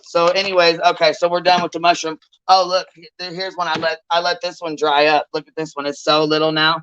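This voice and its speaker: A man's voice: a little high, little pitch movement, brisk, a bit bright, muffled recording, a little hiss or hum. A man chatting casually on an online panel from home, loose and profane, showing things to his camera as he talks. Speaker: panel participant.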